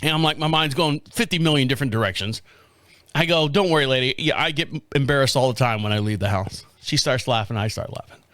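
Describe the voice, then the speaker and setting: A man's voice: mid-range voice, fast, fairly bright tone, clean tone, no echo. A man in his fifties telling a rambling story in a casual monologue, acting out the other people's lines as he goes. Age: 50s. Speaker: podcast host.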